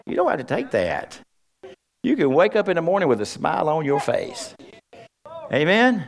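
A man's voice: fairly high pitch, huge pitch swings, moderate pace, creaky. A middle-aged man preaching a sermon, folksy and humorous. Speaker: pastor.

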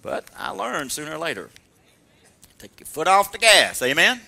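Animated male pastor, sermon, high, lively, very bright, storyteller. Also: normal speed, creaky. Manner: animated storytelling with call-and-response; laughs while telling stories.

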